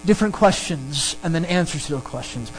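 A pastor preaching a sermon and teaching through a Bible passage, emphatic and animated. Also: brisk, faint music behind, low-quality recording. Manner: animated, emphatic preaching with sudden pitch jumps.

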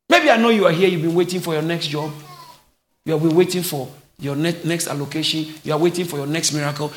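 A high, bright male voice, preaching with big swings in pitch from quiet asides to shouted calls. He often laughs between phrases. The sound carries the echo of a large church hall. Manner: animated preaching, rising to shouts. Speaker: pastor. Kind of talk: sermon.

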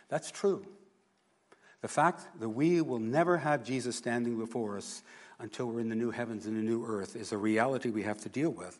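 A man preaching a sermon, earnest, moving between hushed and emphatic delivery. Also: mid-range voice, fairly quick, slightly rough. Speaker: pastor.

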